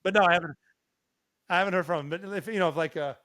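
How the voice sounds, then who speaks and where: A man's voice: high-pitched, quick pace. A middle-aged man from Montana, a podcast guest telling stories in casual chat with plenty of swearing. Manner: profane, animated storyteller. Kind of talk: casual storytelling.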